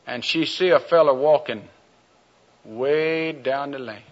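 A man preaching a sermon, telling a folksy story in a drawn-out, homespun way. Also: mid-range voice. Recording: dull lo-fi recording.

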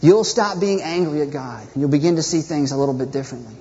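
A man's voice: a little high, expressive, fast, mellow. A man preaching a sermon as pastor, impassioned and rhetorical, acting out people's prayers. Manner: impassioned, rhetorical, acts out prayers in mocking voices. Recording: dull echoey hall.

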